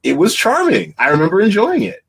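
A man's voice: high voice, wildly swooping pitch, brisk, creaky, husky. A man in his forties co-hosting a casual movie podcast, rambling and laughing, trailing off while searching for names. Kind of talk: casual chat about movies.

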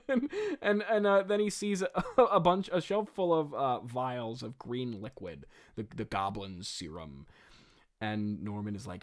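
A man's voice: medium pitch, animated, a little slow. A young man giving comedic commentary on his old script, incredulous, laughing and rambling. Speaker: host.

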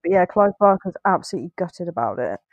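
A woman with a lowish voice rambles through her thoughts on a film, often backtracking and correcting herself. The recording is close and dry. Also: very animated, quick pace, no room sound, highs cut off. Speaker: podcast co-host. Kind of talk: casual film review chat.

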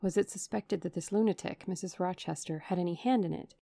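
A woman's voice: fairly low pitch, fairly quick, gravelly, warm tone, no room sound, clean studio sound. A woman voicing an anxious young governess who asks urgent questions.

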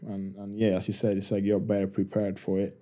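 A man, a rugby player telling stories as a guest in a casual interview, halting and full of restarts. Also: lowish voice. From Argentina. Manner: halting, many restarts and fillers, relaxed.

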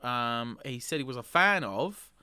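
A man's voice: medium pitch, lively intonation, a little slow, pushed and bright, clear, resonant tone, no echo, studio quality. A man co-hosting a comedy podcast, telling a rambling story with lots of ums and restarts. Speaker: podcast co-host. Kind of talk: casual comedic chat.

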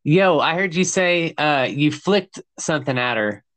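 A man's voice: fairly high pitch, animated, measured pace, a bit bright. A man hosting a podcast, chiming in with laid-back, slangy remarks in casual chat. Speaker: podcast host.

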